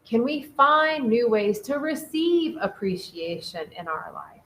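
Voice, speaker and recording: A woman talks through relationships in a loose, chatty way as co-host. Her voice sits somewhat high, and she moves quickly from one thought to the next while reading listener comments aloud. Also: sing-song, a bit bright, a little hiss or hum, rough recording. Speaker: podcast co-host. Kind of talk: casual relationship talk.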